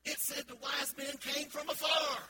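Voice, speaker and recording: A man voicing an indignant small-town Southern woman clerk who scolds loudly. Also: very high-pitched, brisk, music in the background, voice pushed up. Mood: scolding.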